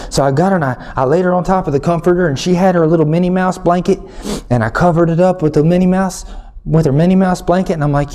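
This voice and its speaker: A middle-aged man doing stand-up storytelling, animated and acting out scenes with big swings in his voice. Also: fairly high pitch, fast talker. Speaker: stand-up comedian.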